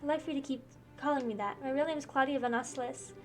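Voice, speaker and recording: A woman plays a gentle young princess from a game, polite and earnest. She speaks softly and formally, in a high voice at a quick pace. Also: faint music behind, close to an everyday voice. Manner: soft-spoken, formal.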